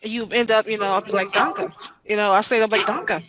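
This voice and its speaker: A man chatting casually with coworkers on a video call, talkative and quick to laugh. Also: high voice, level tone, over a noisy crowd, rough recording. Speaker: team member on a panel. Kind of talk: casual chat.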